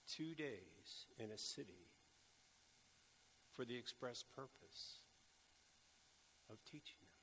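A man preaching a sermon, speaking slowly and deliberately with bursts of urgent emphasis. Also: lowish voice, fairly bright tone, a little hiss or hum. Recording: echoey hall with long reverb.

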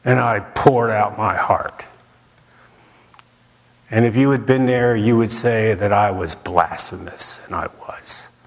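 A man's voice: fairly low pitch, slow, pauses often. A man preaching a sermon in a dramatic way, with rhetorical questions and repeated lines for emphasis. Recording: long reverb of a large hall.

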